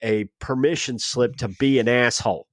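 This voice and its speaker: A man telling a story on a podcast, animated and acting out the dialogue of the people in it. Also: mid-range voice, moderate pace, dry recording, clean studio sound. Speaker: podcast guest. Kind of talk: casual storytelling.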